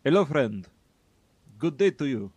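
A man's voice: medium pitch, big pitch swings, measured pace, darkish tone, husky, no echo. A man voicing a proud, formal adventurer who speaks in stiff, courteous phrases.

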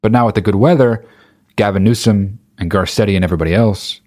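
A man's voice: fairly low pitch, fast, darkish tone, no room sound, studio quality. Exasperated man on a swearing rant. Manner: exasperated, swearing constantly, speeding up as he gets angry. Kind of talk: profane comedic rant.

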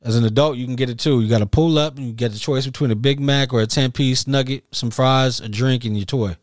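Male podcast host, mid pitch, animated and profane storyteller, dry close mic. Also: fast talker, no echo. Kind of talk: casual chat.

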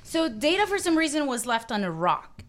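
A woman co-hosting a podcast, joking sarcastically in quick casual chat. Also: high-pitched, sing-song. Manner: sarcastic, quick, uses "like" a lot. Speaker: podcast co-host.

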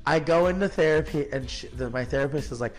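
A man in his thirties, a podcast guest telling a personal story in a casual, animated way, filling his talk with "like" and acting out what others said. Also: fairly high pitch, fast, soft background music. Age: 30s. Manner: animated, acts out quoted people, frequent "like" fillers.

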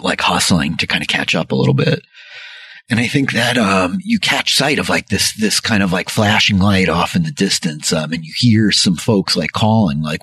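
A man's voice: low-pitched, moderate pace, sharp tone. A man running a tabletop role-playing game who narrates loosely and often chuckles. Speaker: game master.

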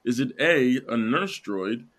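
A man's voice: mid-range voice, animated, a little slow, a bit bright. A young man hosting a casual trivia show, reading out questions and teasing his contestant. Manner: jokey, teasing, reads questions aloud. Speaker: quiz show host. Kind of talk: casual podcast quiz hosting.

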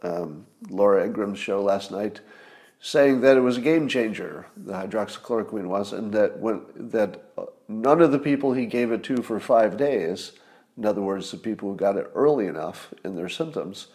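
A man's voice: fairly low pitch, normal speed, darkish tone. A man delivering a casual spoken monologue that turns into an angry, profane rant, full of fillers and restarts. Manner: ranting, profane, escalating. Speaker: commentator.

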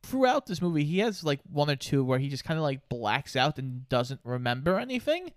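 A man co-hosting a casual movie podcast, talking in a relaxed, rambling way. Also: fairly high pitch, fairly quick, no echo, clean studio sound. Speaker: podcast co-host. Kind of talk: casual movie-review chat.

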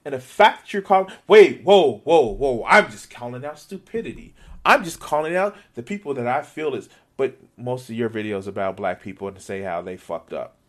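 A man's voice: mid-range voice, animated, moderate pace. A man doing profane reaction commentary on a video, exasperated and sarcastic, swearing often.

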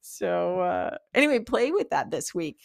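A woman's voice: on the low side, big pitch swings, a little slow, vocal fry, dry recording, clean studio sound. A middle-aged woman talking in a chatty teaching style, laughing often and restarting her sentences. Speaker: spiritual teacher. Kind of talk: casual teaching talk.

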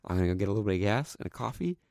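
A man's voice: fairly low pitch, very animated, racing, vocal fry, a little mellow, no room sound, studio quality. A young man hosting a casual podcast, telling a rambling story full of "like" and acting out his own quotes. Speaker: podcast host.

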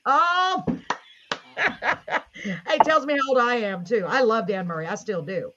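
A woman's voice: fairly high pitch, animated, measured pace, sharp tone, muffled recording. A woman hosting a live online show, gushing and enthusiastic as she chats with her guest and reads viewer comments aloud. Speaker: host.

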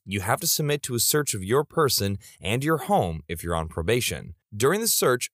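A man's voice: on the low side, a bit bright, dry recording, studio quality. A man narrating reader stories in a comedic style, with playful asides.

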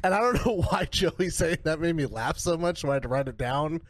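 Male co-host, high and animated, dry mic, quick jokes. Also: dry recording. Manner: joking, lively interjections. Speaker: podcast co-host. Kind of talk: casual chat reviewing wrestling.

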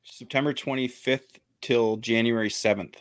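A man's voice: medium pitch, fairly even intonation, normal speed, no echo. A Canadian man joining a casual chat, speaking in an amused, joking way.

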